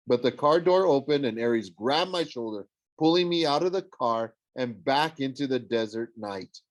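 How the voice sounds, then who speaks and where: A man narrating a first-person fantasy novel as an audiobook reader, in an even storytelling manner. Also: medium pitch, dry recording.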